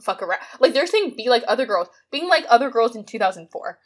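A woman's voice: on the high side, very animated, quick pace. A woman co-hosting a podcast in casual, sarcastic chat. She swears freely and keeps slipping into mock voices. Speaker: podcast co-host.

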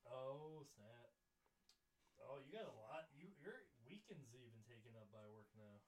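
A man's voice: mid-range voice, expressive, measured pace, far from the mic, a little hiss or hum, low-quality recording. A young man co-hosting a podcast in casual chat, teasing and laughing often.

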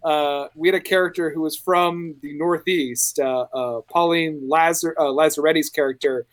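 A man's voice: on the high side, fairly even intonation, moderate pace. A man running a tabletop game in casual podcast chat, rambling and restarting his sentences with enthusiasm. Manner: rambling, self-interrupting, enthusiastic. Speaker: game master.

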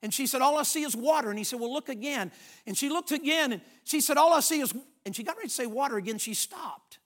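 A man delivers a sermon, and his voice sits unusually high. He preaches emphatically, swinging from hushed, quiet passages to loud, ringing ones as he reads scripture and tells stories. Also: expressive, fast. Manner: dramatic storytelling, emphatic, shifts between hushed and loud.

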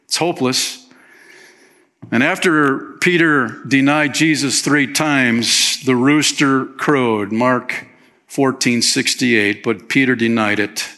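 Bright-voiced man preaching casually. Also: medium pitch, slow. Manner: conversational preaching, peppered with "man", acts out quotes. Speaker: pastor. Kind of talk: sermon. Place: church.

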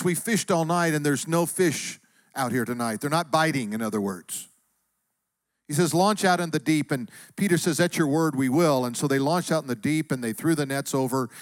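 Reflective pastor with a dry sound. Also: male voice, a little high, dry recording. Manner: reflective, asks searching questions. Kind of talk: sermon.

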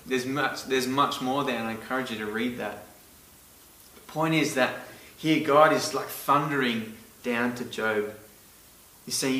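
A man's voice: mid-range voice, slow pace, pauses often, pushed and bright. A man preaching a sermon in an earnest way, stressing key words hard. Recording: roomy, echoey from a distance.

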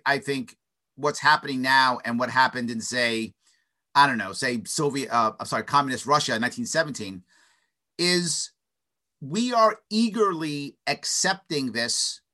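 Animated bright-voiced man tagging "right?". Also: fairly high pitch. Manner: animated, stutters restarts, frequent "right?" tags. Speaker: interview guest. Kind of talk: opinionated conversational monologue.

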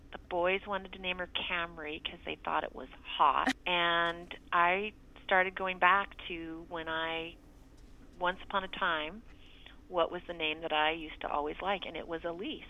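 A woman's voice: fairly low pitch, gravelly, sharp tone, highs cut off, a little hiss or hum. A middle-aged woman, a mother, telling her grown child a personal story in an earnest way and acting out the quoted dialogue. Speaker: mother recounting a birth story.

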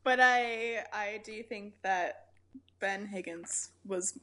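A woman's voice: medium pitch, slow pace, sharp tone. A woman guest on a casual podcast chat, talking easily and laughing often.

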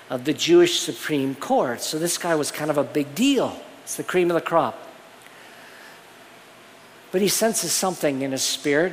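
A man preaching a sermon as pastor, earnest and explanatory, often restarting his phrases. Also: fairly high pitch. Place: church sanctuary. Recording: long reverb of a church hall.

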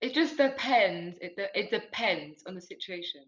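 A woman's voice: mid-range voice, animated, moderate pace, a bit bright, echoey room, muffled recording. A young woman as a podcast guest, speaking in a hesitant, thoughtful way. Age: young adult. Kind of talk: casual chat.

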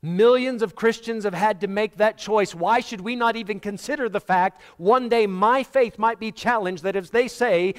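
A man's voice: sits high, moderate pace, few pauses. A man preaching a sermon, telling stories dramatically and acting out the voices of the people in them. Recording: long hall reverb.

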